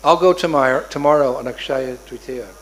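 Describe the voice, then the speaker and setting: A man voicing a gentle village chief who calmly answers his little son, as part of a storytelling sermon. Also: medium pitch, close to an everyday voice, rough recording. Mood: patient. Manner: slow, patient, soothing.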